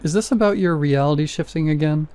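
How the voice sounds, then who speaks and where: A man doing a calm, gentle husband. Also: fairly high pitch, quick pace, smooth, natural voice. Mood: soothing. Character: calm gentle husband reassuring his wife.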